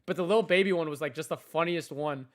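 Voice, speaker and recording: A man's voice: a little high, fast. Slangy young man streaming casually. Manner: loose slangy storytelling, swears often, calls everyone bro. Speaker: day-trading livestreamer. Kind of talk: casual livestream chat.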